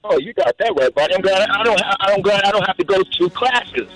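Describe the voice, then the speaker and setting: High-voiced man telling a story by phone. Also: fairly quick, faint music behind, poor audio. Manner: animated storyteller, repeats words. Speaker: caller. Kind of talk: telling a personal story on call-in radio.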